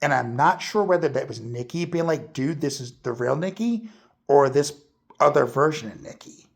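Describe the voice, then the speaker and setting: A man's voice: medium pitch, animated, normal speed, vocal fry. A man giving a casual, spoilery movie review, rambling and swearing freely with lots of fillers.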